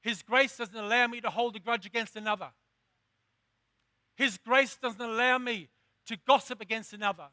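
Man preaching a fiery sermon, high sharp voice, dry close sound, stretches words out then yells. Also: fairly even intonation, dry recording. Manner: impassioned, slow emphatic stresses, rising to shouts. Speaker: pastor.

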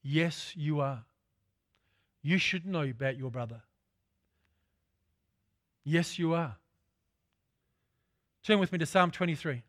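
A man's voice: fairly high pitch, slow pace, pauses often, a bit bright, dry recording, studio quality. A man preaching a sermon, repeating phrases for emphasis and calling out to his congregation.

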